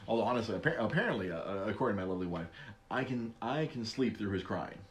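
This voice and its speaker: A man in his thirties hosting a casual podcast chat, talking haltingly with lots of restarts and frequent laughter. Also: lowish voice, expressive. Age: 30s. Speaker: podcast host.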